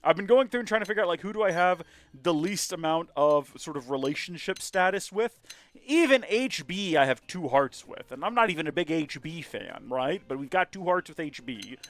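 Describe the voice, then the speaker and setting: A man's voice: a little high, expressive, moderate pace, no echo. A man streaming a video game, chatting casually in a rambling, joking, self-mocking way. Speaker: let's play streamer.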